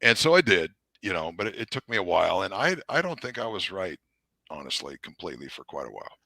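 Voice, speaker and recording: A middle-aged man with a very low voice and a bright, forceful edge tells stories in a loose, rambling way, full of fillers and restarts. His voice is recorded dry and close. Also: big pitch swings, fast, vocal fry, no echo. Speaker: podcast guest, retired Marine officer. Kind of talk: casual storytelling interview.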